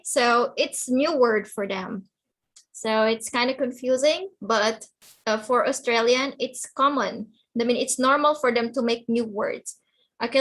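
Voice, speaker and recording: Woman teacher on a video call, patient, repeats herself, slow delivery, slightly high voice. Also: fairly bright tone, low-quality recording. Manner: patient, repeats and checks understanding. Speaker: online English teacher. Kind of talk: slow explanatory teaching to children.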